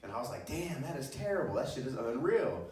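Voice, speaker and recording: Male stand-up, crude and animated, laughing through his stories, recorded from a distance in a very echoey room. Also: mid-range voice, fairly quick. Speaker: stand-up comedian. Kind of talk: stand-up storytelling. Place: comedy show room. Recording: roomy echo, distant mic.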